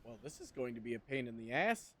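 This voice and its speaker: A man's voice: medium pitch, very animated, fast talker, a bit bright, a little hiss or hum. A man streaming a video game, chatting casually and wryly to viewers, swearing freely as he plays. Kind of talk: casual gameplay commentary.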